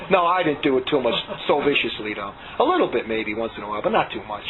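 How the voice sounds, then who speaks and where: A man's voice: medium pitch, very animated, quick pace. A man telling a long story from his past in a casual, rambling and emphatic way, doing voices for the people he quotes. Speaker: interviewee recounting past. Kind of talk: casual spoken testimony. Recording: tinny phone-like audio with faint hiss.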